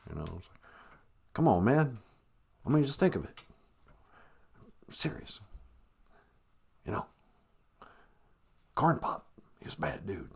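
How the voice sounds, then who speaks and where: Man doing a rambling elderly politician, whispery and folksy, lively pitch swings. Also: takes it slowly, pauses often, heavily acted. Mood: mock-tough. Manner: hushed, breathy, half-whispered. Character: older male politician, rambling, folksy tough talk.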